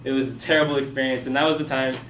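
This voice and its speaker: Young guy telling a story fast and animated, roomy echo, mic kinda far. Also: medium pitch, slight background noise. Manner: casual, animated, acts out his own past lines. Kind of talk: personal storytelling to an audience. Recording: echoey room, mic from a distance.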